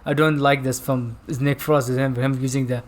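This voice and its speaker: A man with a mid-range voice co-hosts a casual podcast chat reviewing a film, talking fairly quickly with a flat delivery. He is not a native English speaker, and he rambles, searches for words and laughs often.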